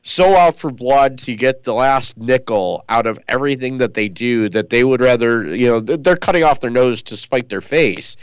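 A man's voice: mid-range voice, moderate pace, hardly any pauses, smooth, no echo, poor audio. A man co-hosting a sports talk radio show, chatting casually and rambling with lots of fillers. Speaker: co-host.

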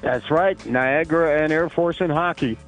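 A man's voice: a little high, normal speed, faint music behind, poor audio. A man hosting a sports radio show, chatting casually with stammering restarts and easy laughs. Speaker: radio host. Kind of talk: radio interview.

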